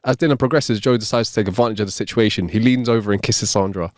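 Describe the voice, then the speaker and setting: A man's voice: fairly low pitch, quick pace, a little mellow, dry recording, studio quality. A man co-hosting a comedy podcast who tells jokes as stories and laughs at his own punchlines. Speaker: podcast co-host. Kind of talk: joke telling.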